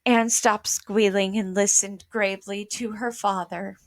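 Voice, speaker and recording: Lady reading a kids book out loud real slow, kinda high voice, dry close sound. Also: fairly even intonation, dry recording. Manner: slow, careful, explains words for children. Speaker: children's book reader. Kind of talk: reading a children's book aloud.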